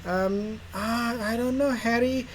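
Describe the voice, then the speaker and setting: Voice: mid-range voice, steady tone, slight background noise, voice pushed up, lightly acted. The vlogger puts on the voice of an insecure, whiny young woman who speaks hesitantly, in a mocking impression. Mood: plaintive. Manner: plaintive, hesitant, halting.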